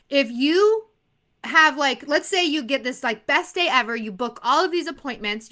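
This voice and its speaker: Bright, high-voiced energetic woman instructor. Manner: energetic and emphatic, laughs often. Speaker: exam prep instructor. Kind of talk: motivational talk to students.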